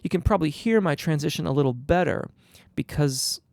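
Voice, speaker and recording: A male singing teacher answering viewer questions live, a bit under the weather, explaining in a relaxed way with frequent ums and restarts. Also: on the high side, a little fast, vocal fry, dry recording, clean studio sound. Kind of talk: live Q&A on voice technique.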